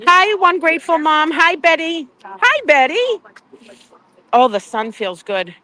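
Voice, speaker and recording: An older woman chatting casually on a live stream from outside a courthouse, animated and quick to laugh. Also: sits high, rough recording. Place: outdoors outside a courthouse, crowd nearby.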